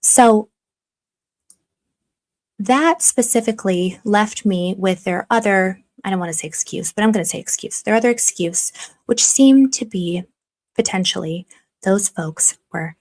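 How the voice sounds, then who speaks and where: A woman's voice: mid-range voice, measured pace, darkish tone. A woman talking through her investigation in a casual commentary, rambling with restarts and speculative asides.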